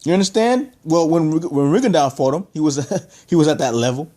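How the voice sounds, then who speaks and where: A man's voice: a little high, lively intonation, fairly quick, warm tone. A man giving an opinionated boxing rant to camera, emphatic and heated, stacking rhetorical questions and repeating his points. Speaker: boxing commentator.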